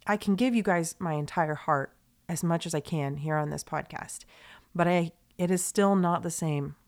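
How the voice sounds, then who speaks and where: A woman's voice: deep voice, fairly even intonation, normal speed. A young woman hosting a podcast, talking in a heartfelt, confiding monologue that rambles along with fillers and restarts and turns emotional. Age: young adult. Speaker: podcast host.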